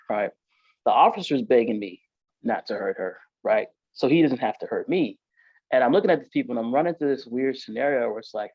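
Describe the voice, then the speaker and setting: A man's voice: mid-range voice, dry recording. A man recounts his past as a podcast guest in a loose, emphatic way, leaning on "like" and "yo." His voice sits mid-range. The sound is dry and a little muffled. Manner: casual, emphatic, filler-heavy with frequent "like" and "yo". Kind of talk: storytelling in an interview.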